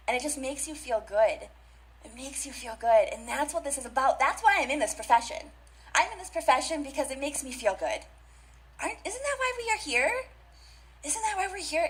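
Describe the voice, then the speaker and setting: A woman's voice: fairly high pitch, poor audio. Emphatic woman giving a motivational talk. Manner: emphatic, repeats key phrases, addresses audience directly. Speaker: conference speaker. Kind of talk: motivational speech. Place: conference stage.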